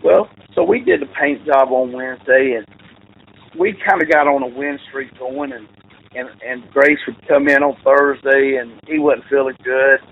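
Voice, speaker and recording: A man's voice: medium pitch, normal speed, creaky. A man, a football coach, telling rambling, self-correcting stories with frequent laughs, over a tinny, phone-like line. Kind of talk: casual storytelling.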